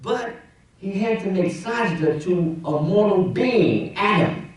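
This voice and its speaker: A man's voice: sits high, expressive, takes it slowly. Imam, man, conversational sermon with rhetorical questions; distant, heavily reverberant hall. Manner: conversational preaching, rhetorical questions, swings loud and soft. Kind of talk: Friday sermon. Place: mosque prayer hall. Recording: very echoey mosque hall, speaker off-mic.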